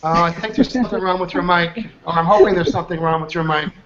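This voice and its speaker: Guy running an online training, high voice, keeps asking the group questions, muffled call sound. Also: fast talker, background noise. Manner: energetic, quizzes the group with questions. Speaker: trainer, workshop host. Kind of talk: live online training session. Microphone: online video call. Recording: dull lo-fi call audio.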